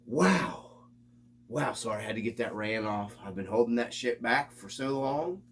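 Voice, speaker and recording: A man's voice: mid-range voice, lively intonation, normal speed, breathy edge. A man hosting his own hobby vlog, ranting in an exasperated, casual way and swearing freely. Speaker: RC hobby channel host.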